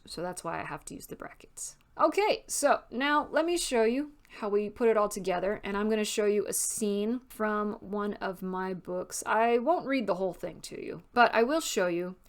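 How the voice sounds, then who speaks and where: A woman author giving a casual writing tutorial, explaining step by step and reading example sentences aloud. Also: medium pitch.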